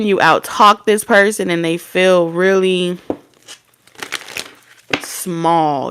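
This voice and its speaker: A woman's voice: fairly low pitch, fairly even intonation, slow, a bit bright, a little hiss or hum. A young woman giving a casual tarot reading, blunt and swearing freely as she acts out imagined back-and-forth dialogue. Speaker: tarot reader.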